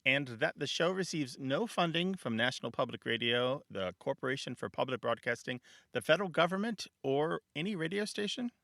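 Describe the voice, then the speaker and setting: A man's voice: mid-range voice, expressive, fairly quick, gravelly, fairly bright tone, no room sound, clean studio sound. A man co-hosting a radio talk show, laughing easily and explaining where words come from.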